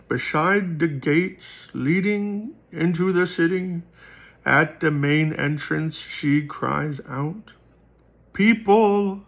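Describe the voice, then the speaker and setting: A man doing a grand raspy fantasy voice of Wisdom. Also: fairly high pitch, fairly bright tone. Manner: slow, declaiming, raised. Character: Wisdom personified, grand proclaiming fantasy narrator.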